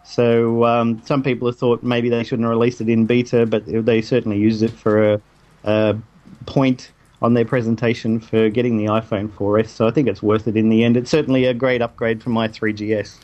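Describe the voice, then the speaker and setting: A man's voice: medium pitch, little pitch movement, brisk, darkish tone, highs cut off. A man, co-hosting a casual tech chat, rambling with plenty of fillers. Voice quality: rambling, hesitant, lots of fillers. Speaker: tech podcast co-host.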